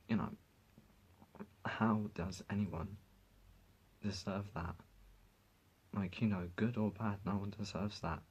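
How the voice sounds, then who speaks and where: A man's voice: fairly low pitch, fairly even intonation, slow, pauses often, a little mellow, husky, rough recording. A man vlogging to his viewers, speaking in an impassioned, indignant rant that halts and restarts as he gets emotional. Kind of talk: emotional talk to camera.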